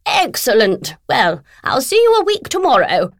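A pompous, bellowing literary agent who steamrolls every conversation and speaks to others as if they were slow children, a woman putting her on as she reads a story. Her voice sits well above the reader's own and pushes forward in volume. It comes across close and dry. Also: sits high, wildly swooping pitch, no room sound, voice pushed up, exaggerated voice. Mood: brisk, imperious. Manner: bellowing, overbearing, condescending.

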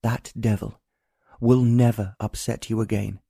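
A man's voice: on the low side, flat delivery, a little slow, creaky, slightly rough, dry recording, studio quality, heavily acted. A man playing a tender, resolute nobleman. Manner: quiet, earnest. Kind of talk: audiobook narration.

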